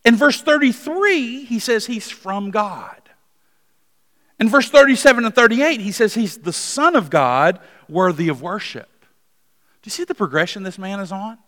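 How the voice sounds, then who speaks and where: A male pastor reading scripture and preaching a sermon, dropping to a hush and then rising to emphatic declarations. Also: sits high, animated, a little slow. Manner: dramatic, swings from hushed to emphatic. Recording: hall reverb.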